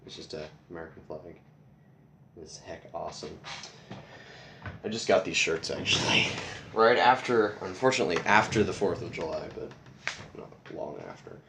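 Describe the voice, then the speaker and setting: A man's voice: deep voice, moderate pace, creaky, pauses often. A teenage boy vlogging in a casual, rambling, goofy way, his voice cracking now and then. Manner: rambling, goofy, self-deprecating. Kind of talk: casual rambling show-and-tell. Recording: echoey room, far from mic, faint hiss.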